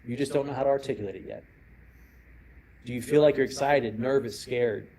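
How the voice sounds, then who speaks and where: Mellow-voiced man giving a talk. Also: mid-range voice, a little fast, low-quality recording. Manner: storytelling, acts out quoted voices. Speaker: cybersecurity speaker. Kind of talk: conference talk. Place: presentation room.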